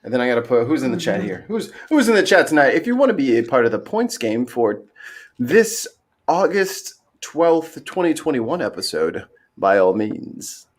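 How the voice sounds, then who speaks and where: A man's voice: medium pitch, very animated, moderate pace. A man hosting a casual livestream chat over a video call, playful and goofy, laughing often as he runs a points game. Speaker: host.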